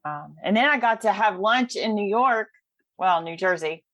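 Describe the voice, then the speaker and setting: A woman's voice: medium pitch, lively intonation, moderate pace, a bit bright, dry recording, dull audio. A woman with a Southern US accent chatting casually in a recovery podcast, with many ums and easy laughter. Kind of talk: casual chat.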